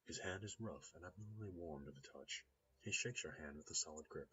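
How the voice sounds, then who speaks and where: A man's voice: deep voice, brisk, sharp tone. A man playing a story game, reading its descriptive text aloud with upbeat asides. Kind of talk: game playthrough narration. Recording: slightly dull lo-fi recording with faint noise.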